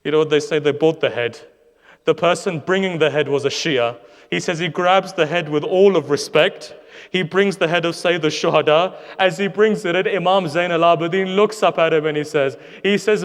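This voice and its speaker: A man's voice: fairly high pitch, normal speed. A man preaching a sermon, telling a sorrowful story with impassioned rhetorical questions to his audience. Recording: long hall reverb.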